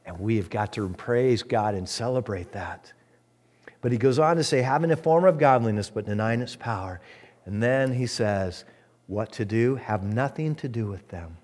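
A man preaching as pastor of his church, swinging from loud emphatic peaks to hushed low asides. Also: normal speed. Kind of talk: sermon.

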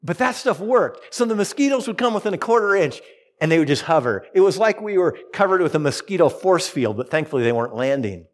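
A middle-aged man preaching a sermon, telling a personal story and reading scripture with lively, expressive delivery. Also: brisk. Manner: storytelling, animated with big pitch swings. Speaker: pastor.

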